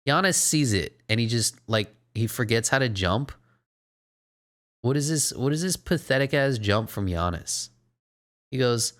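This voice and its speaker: A man giving casual, sarcastic running commentary while playing a video game, swinging between mocking asides and excited play-by-play. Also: mid-range voice, a little slow, long pauses.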